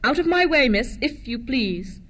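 A haughty, brisk governess who snaps her commands and won't stand for any nonsense, as a woman reading a storybook puts her on. Her voice sits fairly high and crisp, and every line comes across as an order. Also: a bit bright. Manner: snappish, commanding.

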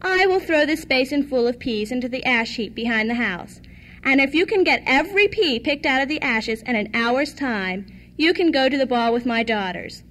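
A harsh stepmother from a storybook fairy tale, dismissive and sharp in every word, as a woman reads her part. The voice sits high and bright. Her cold scorn shows in each line. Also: lively intonation, normal speed, a little hiss or hum. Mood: scornful. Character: scornful harsh stepmother lady, middle-aged.

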